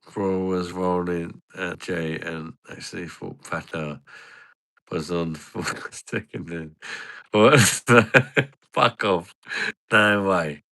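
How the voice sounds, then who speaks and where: Gravelly, giggly bloke. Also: male voice, deep voice, takes it slowly, long pauses, sharp tone, dry recording. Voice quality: laughing often, swearing, rambling. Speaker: channel host. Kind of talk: casual tipsy chat.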